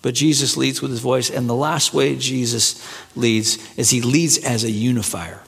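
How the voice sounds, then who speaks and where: A man preaching a sermon, rising to excited peaks and then falling soft and low. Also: normal speed, gravelly. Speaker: pastor. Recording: echoey hall with long reverb.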